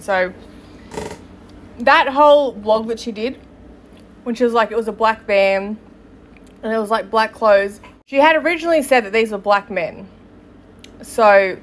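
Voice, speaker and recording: A woman hosting a podcast, reading posts aloud and breaking off into sarcastic, swearing asides with frequent laughter. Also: medium pitch. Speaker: podcast host.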